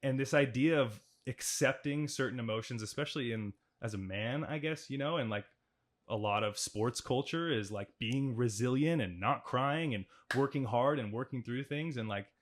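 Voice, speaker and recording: A man's voice: mid-range voice, moderate pace. A young man hosting a podcast, talking in a loose, rambling way with many fillers and restarts. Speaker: podcast host, athlete. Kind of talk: casual conversation.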